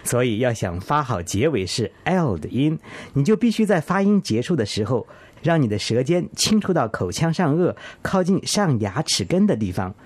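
A man co-hosting a pronunciation lesson, a native Mandarin speaker explaining clearly and steadily. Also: mid-range voice, sing-song, moderate pace. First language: Mandarin Chinese. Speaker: co-host of English pronunciation lesson. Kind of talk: scripted radio lesson, explaining in Chinese.

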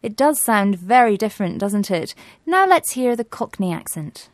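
Woman hosting an english lesson show, clear and friendly, mid pitch. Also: sing-song, normal speed, no echo. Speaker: language programme presenter. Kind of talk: scripted educational presenting.

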